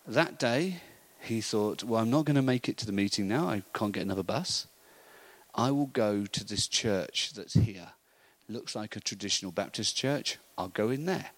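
A middle-aged man telling an animated story in a sermon, acting out the voices of the people in it. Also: lowish voice, moderate pace, poor audio. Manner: animated storytelling, acts out voices, laughs often. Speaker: preacher. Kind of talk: sermon anecdote.

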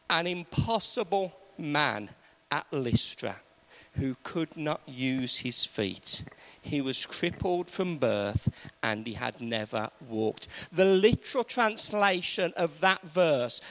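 A man preaching in a church with a fairly high voice and an unhurried, deliberate delivery. He is emphatic, climbing to loud raised peaks and dropping to low, quiet stretches. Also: no room sound, low-quality recording. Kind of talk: sermon.

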